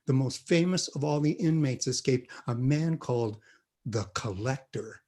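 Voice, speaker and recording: A man voicing a deadpan father who tells a spooky campfire tale in a low, hushed, drawn-out voice. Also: close to an everyday voice.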